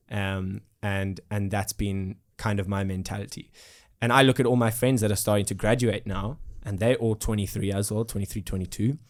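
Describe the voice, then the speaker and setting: A young South African man in his twenties speaks in an interview, earnest and reflective, often circling back with fillers and restarts. His voice sits a little low. He sounds sincere and unhurried as he works through his thoughts. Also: steady tone. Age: 20s. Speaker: musician guest. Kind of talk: casual interview conversation.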